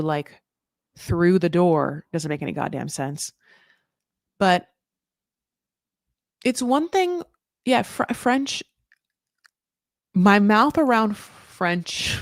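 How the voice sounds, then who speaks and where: A woman from California in her thirties with an alto voice, chatting casually as a podcast host, animated and swearing freely as she laughs and trails off mid-thought. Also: lowish voice, no echo, clean studio sound. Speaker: podcast host recapping reality TV. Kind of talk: casual chat.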